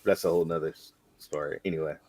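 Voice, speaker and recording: A middle-aged man from North Carolina, co-hosting a gaming podcast and telling stories with excitement. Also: a bass voice, fast, no room sound. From North Carolina, USA. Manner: excitable storyteller, acts out his younger self. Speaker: podcast co-host. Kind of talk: casual banter.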